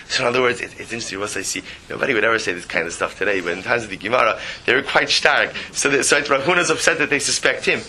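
A man teaching a text study class, reading passages aloud and explaining them in a lively way, often repeating phrases and adding emphatic asides. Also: mid-range voice, rapid-fire, hardly any pauses, a little hiss or hum.

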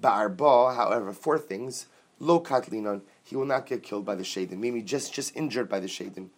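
A man leads a Talmud class, reading Aramaic phrases aloud and explaining each one in English. He's energetic and jokes with his students, speaking fairly quickly in a lowish voice.

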